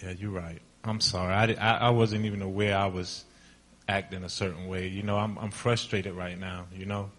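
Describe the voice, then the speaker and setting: A man's voice: sits low, little pitch movement, normal speed, a bit bright. A man playing a frustrated husband heading to work in an amateur skit, talking sulky and defensive. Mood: apologetic. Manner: sulky, defensive, then apologetic. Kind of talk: amateur church skit acting.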